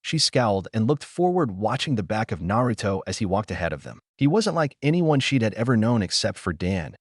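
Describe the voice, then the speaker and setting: A man narrating fan fiction in a steady storybook reading. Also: fairly low pitch, a little fast, no room sound, clean studio sound.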